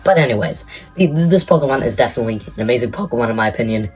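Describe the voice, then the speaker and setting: A man's voice: medium pitch, lively intonation, rapid-fire, darkish tone, poor audio. A breathless man rambles through casual commentary in a middle voice, tossing out crude, mock-insulting asides. Faint music plays underneath. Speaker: YouTuber ranking Pokémon.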